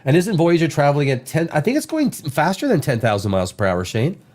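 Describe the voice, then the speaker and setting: A man's voice: on the high side, big pitch swings, quick pace, a little mellow. A man hosting a casual livestream podcast, reading science news aloud with rambling asides while fighting a bad cold. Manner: rambling, joking, reads articles aloud with asides. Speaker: podcast host.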